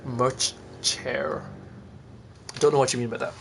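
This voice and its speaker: A man in the middle pitch range talks his way through a game stream, rambling and loose. He chats to his viewers and pokes fun at himself. A faint hiss sits under his voice. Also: steady tone, takes it slowly, gravelly, a bit bright. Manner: rambling, chatty, self-deprecating. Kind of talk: casual gameplay commentary.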